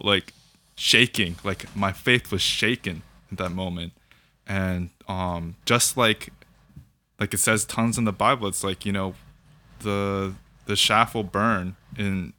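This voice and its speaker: A young man calmly sharing his faith story in conversation, thinking aloud and often checking in with "right?". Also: low voice. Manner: reflective, thinks aloud with fillers and repeated "right?". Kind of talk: casual conversation about faith.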